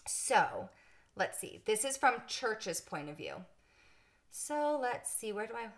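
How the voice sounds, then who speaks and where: A woman's voice: on the high side, sing-song, slow. A woman co-hosting a podcast in casual book discussion chat, talking candidly and animatedly and laughing at herself. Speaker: podcast co-host.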